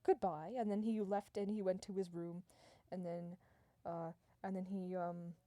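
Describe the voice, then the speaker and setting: A woman's voice: lowish voice, flat delivery, a little slow, dark tone, dry recording. A woman improvising a comic story, rambling, swearing and restarting her sentences as she goes.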